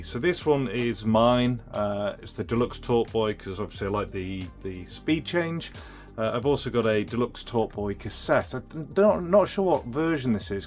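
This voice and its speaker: A man hosting his own channel, casually showing off and explaining retro toys, rambling with fillers and restarts. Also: medium pitch. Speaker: retro toy restorer and channel host. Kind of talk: casual show-and-tell demo.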